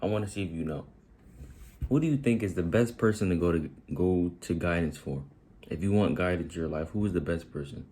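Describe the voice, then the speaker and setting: A motivational video host with a low, mellow voice speaks a little fast in a casual talk to his viewers. He addresses them directly and asks repeated questions.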